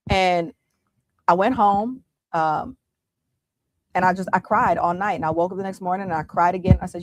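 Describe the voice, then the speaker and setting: A middle-aged woman speaks as a guest in an interview, recounting her journey with vivid, dramatic retellings and frequent false starts. Her voice sits somewhat low for a woman and sounds close and dry, with no room around it. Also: moderate pace, pauses often, no echo. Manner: animated, dramatic retelling with many restarts. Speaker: guest entrepreneur. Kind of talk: candid interview storytelling.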